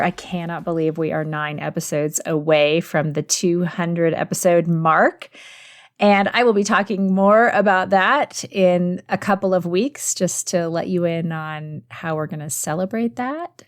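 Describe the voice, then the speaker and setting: An earnest woman at a mid-range pitch opens a faith-based podcast episode. She speaks to her listeners in an encouraging, conversational way with the odd filler, like a regular host setting up the week's interview. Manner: earnest, encouraging, warmly direct address to listeners.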